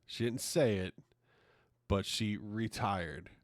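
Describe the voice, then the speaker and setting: Man, podcast host, casual rant, frequent swearing, low voice, dry recording. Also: slow pace, dry recording. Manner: ranting, swears often, exasperated. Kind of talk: casual opinion monologue.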